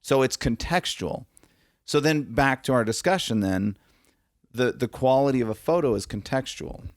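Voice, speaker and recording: A man's voice: medium pitch, moderate pace, no room sound, clean studio sound. A man talking as a guest photographer in a casual podcast conversation, emphatic and acting out the reactions he quotes.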